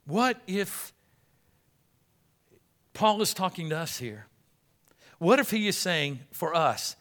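A male pastor delivering a sermon in a high, bright voice. He acts out scenes with quiet, whispered characters and swings back into loud, emphatic preaching. His delivery is dramatic and full of contrast. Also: expressive, takes it slowly, long pauses.

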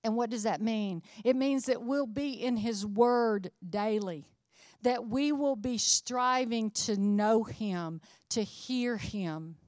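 A woman's voice: on the high side, slow pace, darkish tone, no room sound, studio quality. A middle-aged woman preaching a sermon, earnest and emphatic, building her phrases up to rises.

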